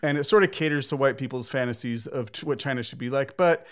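Fast-talking man hosting a chat. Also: medium pitch, fairly bright tone. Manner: quick, enthusiastic, leads the ranking. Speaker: podcast host. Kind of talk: casual chat.

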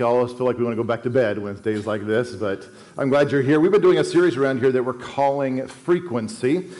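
A middle-aged man preaching a sermon as pastor, earnest and emphatic, slowing down to stress key phrases. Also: medium pitch, a little mellow.

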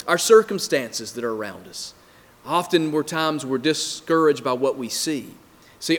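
A male pastor delivers a sermon with a fairly high voice and an emphatic, repeating rhythm. His words ring out with a long reverb from a church hall. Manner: emphatic, repetitive preaching rhythm.

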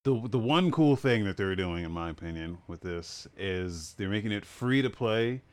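A relaxed young man co-hosts a casual gaming podcast in a very deep voice. His tone is smooth and resonant. He laughs often and works his way through the news with easygoing restarts. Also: moderate pace. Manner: relaxed, laughs often, many fillers and restarts while explaining. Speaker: podcast co-host.

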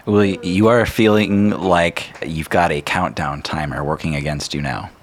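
Deep-voiced man running a tabletop game. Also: moderate pace. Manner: relaxed, easygoing narration with fillers. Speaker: game master.

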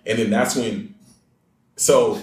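A young man telling a story in casual chat, animated, acting out quotes and often laughing. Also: mid-range voice, slow. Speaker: reality show contestant telling a story. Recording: echoey room, far from mic, faint noise.

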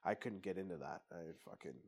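A man's voice: sits low, brisk, vocal fry, darkish tone, husky. Candid, swearing man telling a story. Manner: rambling, profane, candid. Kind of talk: casual personal storytelling.

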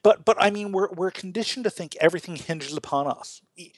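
Slightly high-voiced guy hosting a church podcast, stammers and restarts a lot, dry close sound. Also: a little fast, no room sound. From Illinois, USA. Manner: stammering restarts, earnest and animated. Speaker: podcast host, Lutheran teacher. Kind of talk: casual teaching chat.

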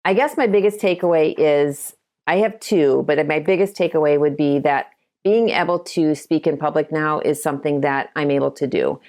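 A woman's voice: low voice, darkish tone. A middle-aged woman from Ohio, a realtor and broker, telling stories in a casual interview and acting out the quotes. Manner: chatty storytelling, acts out quotes. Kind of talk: conversational interview.

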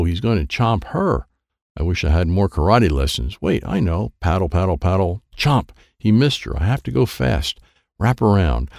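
A man narrating a children's chapter book in an animated, playful way, voicing the sound effects himself. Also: fairly low pitch, vocal fry, dry recording, studio quality. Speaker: audiobook narrator.

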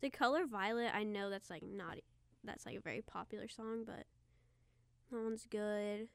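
A young woman co-hosting a podcast in a smooth, clear voice. She rambles casually and drops slang as she talks. The recording is dry and close. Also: mid-range voice, normal speed, dry recording. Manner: chatty, rambling, uses slang. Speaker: podcast co-host. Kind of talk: casual chat.

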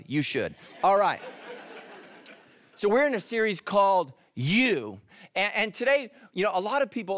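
Joking pastor telling stories. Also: male voice, a little high, dry recording, clean studio sound. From California. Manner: humorous storytelling, drops to hushed tones for emphasis. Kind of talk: sermon.

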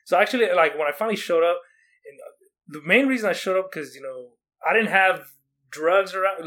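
A young man from Oregon tells a rambling story in casual chat, his words tumbling out quickly in a slightly high voice. He restarts often and acts out what people said. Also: sharp tone. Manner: rambling, many likes and restarts, acts out quotes.

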